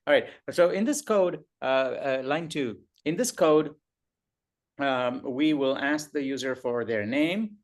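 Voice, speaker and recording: Man, coding instructor, live online lesson, halting delivery, frequent ums, step-by-step guidance. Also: medium pitch. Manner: halting, many fillers, guiding students step by step. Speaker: programming instructor.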